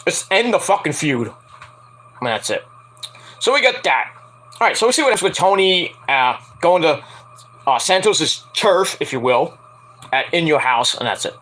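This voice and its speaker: Young guy going on about wrestling, bright voice, pitch jumps all over, swears a lot and does silly high voices for quotes. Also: very animated, normal speed, pauses often. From Antiguan and Jamaican family. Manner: rambling, profane, acts out quotes in high voices. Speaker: wrestling show reviewer. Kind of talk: casual solo review chat.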